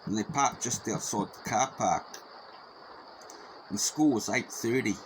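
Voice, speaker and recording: A man's voice: mid-range voice, unhurried. A man telling a story in a rambling, profane, repetitive way. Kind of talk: casual spoken anecdote. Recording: noisy background.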